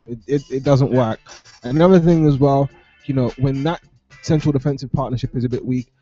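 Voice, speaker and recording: A man with a mellow, dark voice gives his football view, hesitant and measured, with fillers between points. The sound is dull and lo-fi. Faint music plays behind him. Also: medium pitch. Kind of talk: live football talk.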